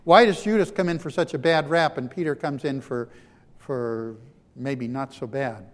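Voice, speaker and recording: A man preaching a sermon as a pastor, shifting between loud emphatic lines and hushed, quiet ones. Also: medium pitch, moderate pace. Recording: long hall reverb.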